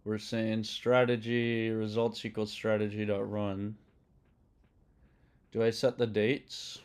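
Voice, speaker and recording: Guy live coding on stream, muttering his code out loud, smooth clear voice. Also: fairly low pitch, little pitch movement, slow. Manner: thinks aloud, mutters code to himself. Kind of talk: casual live-stream commentary while coding.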